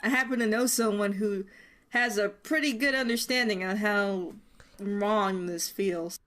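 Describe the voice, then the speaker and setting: A woman's voice: medium pitch, a little slow, a bit bright. Sarcastic woman narrating a commentary video. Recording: video narration over faint music.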